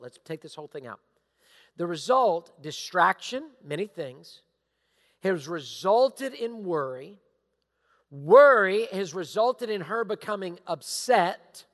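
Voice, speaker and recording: A middle-aged male pastor giving a sermon, emphatic and repetitive, sometimes dropping into hushed asides. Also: high voice. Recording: long hall reverb.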